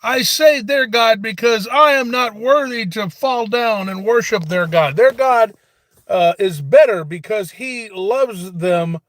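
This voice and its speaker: A man playing an old grandpa, high reedy voice, preachy rant, stammers, forgetful asides, dry close sound. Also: slow pace, fairly bright tone, no room sound. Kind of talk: satirical comedy monologue.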